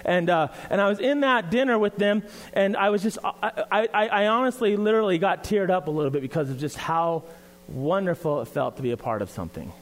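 A man's voice: high-pitched, animated, brisk. A man preaching in a church, reading scripture, praying and sharing his story in an earnest, conversational way. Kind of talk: sermon with scripture reading and prayer.

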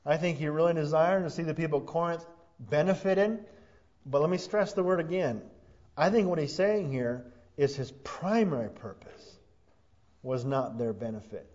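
A man preaching a sermon as pastor, earnest, rising to emphatic peaks and then dropping soft. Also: a little high, moderate pace. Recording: dull lo-fi sound.

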